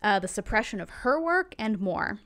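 A woman's voice: medium pitch, sing-song, normal speed, a bit bright. A woman co-hosting a podcast in casual chat, chatty with frequent ums and self-corrections. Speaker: podcast co-host.

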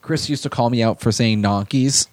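A young man co-hosting a casual podcast chat, telling stories animatedly, often stammering and restarting, and jumping into high voices to quote people. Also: brisk, no room sound. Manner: animated storyteller, jumps into high excited voices when quoting people. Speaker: podcast co-host.

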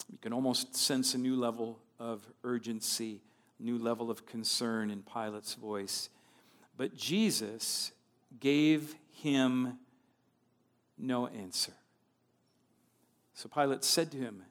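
A man teaching through a Bible passage verse by verse, deliberate and explanatory. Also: medium pitch.

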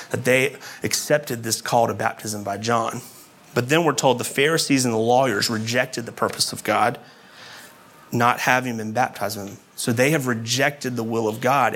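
A man's voice: medium pitch, fairly bright tone. A man giving a sermon as a pastor, explaining scripture in a conversational way with casual asides.

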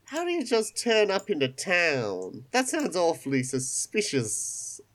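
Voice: mid-range voice, wildly swooping pitch, unhurried, a bit bright, pitched above the performer's own voice. A game master voicing a fluffy but tough female cat with a haughty, snippy manner. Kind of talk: online tabletop role-play.

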